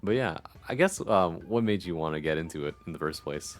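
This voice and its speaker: A man's voice: low voice, expressive, fairly quick, faint music behind. A man hosting a livestreamed talk show, chatting casually and playfully. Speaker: streaming show host. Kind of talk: casual chat.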